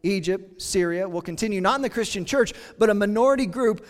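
A pastor preaching a sermon in an earnest, conversational way, with dramatic pauses. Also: male voice, high voice, in a large hall.

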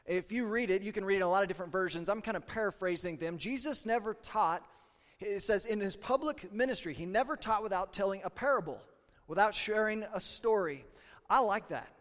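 A pastor from Kansas preaching a sermon to a congregation in a folksy, conversational way with fillers. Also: male voice, high-pitched, brisk, in a large hall. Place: church sanctuary.

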